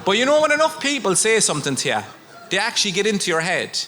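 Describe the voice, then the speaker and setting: An Irish man in his thirties tells stories on stage, and his voice sits a little high for a man. He jumps into the voices of the people in his stories as he goes. The live stage recording carries a steady wash of noise behind him. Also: quick pace. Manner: animated storytelling, acts out characters. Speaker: stand-up comedian. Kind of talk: stand-up comedy routine. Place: comedy venue with audience.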